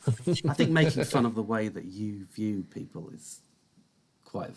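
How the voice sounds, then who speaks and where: Guy on a podcast call, low husky voice, kinda halting, thinking out loud. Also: expressive. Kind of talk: casual podcast chat. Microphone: video call.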